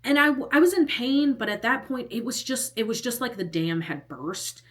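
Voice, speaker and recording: A young woman telling a personal story in a casual storytime vlog, lively and often laughing. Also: a little high, moderate pace. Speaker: vlogger.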